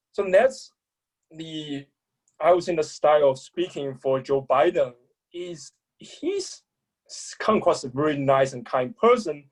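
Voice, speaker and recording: A man in a thoughtful discussion about speaking style, often pausing and restarting as he searches for words. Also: mid-range voice, a little mellow, rough recording. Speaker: public speaking commentator. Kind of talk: analytical discussion.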